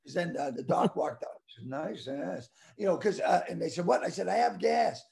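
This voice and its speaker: Gravelly, animated man in his sixties. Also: high voice, fairly quick. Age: 60s. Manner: loud, animated, crude. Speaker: guest comedian. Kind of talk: storytelling. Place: home.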